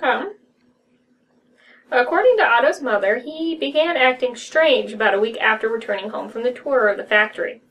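Young adult woman, higher pitch, slightly distant from the mic, giggly casual co-reader. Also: animated, fairly bright tone. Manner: giggly, quick to laugh and riff on jokes. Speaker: co-host reading horror stories aloud. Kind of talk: casual reading and chatty reactions. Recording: voice a bit off-mic.

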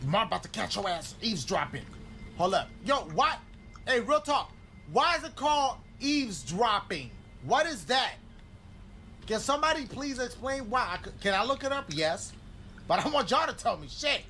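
A man playing a horror game and commenting loudly and profanely in casual let's-play style. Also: very high-pitched, normal speed, a little hiss or hum. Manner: loud, profane, animated.

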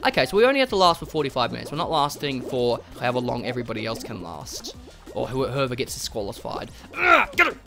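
A gaming host giving let's play commentary, excitable and swearing, swinging from mutters to shrieks. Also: medium pitch, quick pace, music in the background.

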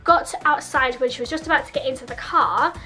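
A woman's voice: sits high, a little fast, sharp tone, faint music behind. A young woman, a makeup artist, retelling a story casually and with exasperation.

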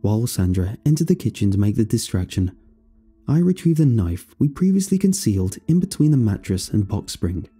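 A man reading a horror story aloud in a measured, scripted storytelling manner. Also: fairly low pitch, big pitch swings, dark tone, breathy edge. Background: faint music.

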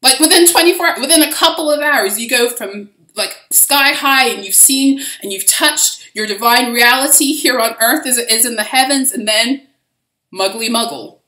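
Bright-voiced woman, rambling spiritual talk. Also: fairly high pitch, normal speed. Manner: rambling, profane, with frequent restarts. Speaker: spiritual reader. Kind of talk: casual spiritual reading monologue. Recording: roomy echo.

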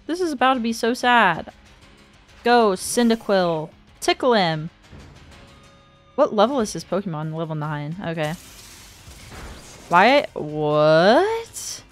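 Slow-talking woman reacting to a game. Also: mid-range voice, big pitch swings, soft background music. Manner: talks to herself, gasps and exclaims at the game. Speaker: gaming streamer. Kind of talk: gameplay commentary. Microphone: dynamic studio microphone.

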